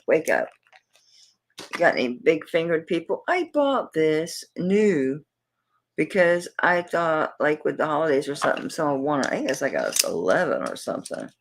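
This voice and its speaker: A low-voiced woman is heard on a low-quality recording with slight background noise. Hailing from Tampa, Florida, USA and speaking with a Southern US accent, she hosts a live jewelry sale in casual live-stream selling chat, rambling and talking to herself as she searches her table.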